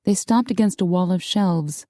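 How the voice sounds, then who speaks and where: A woman reading a romance audiobook in a measured, unhurried way with wry asides. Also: lowish voice, dark tone, dry recording, studio quality. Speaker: audiobook narrator. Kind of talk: scripted narration.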